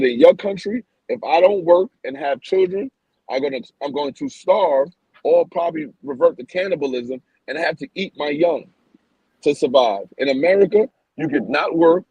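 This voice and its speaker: A man's voice: fairly high pitch, gravelly, mellow, breathy edge, no room sound, muffled recording. A man co-hosting a casual podcast, talking emphatically and opinionatedly, often repeating and restarting his words.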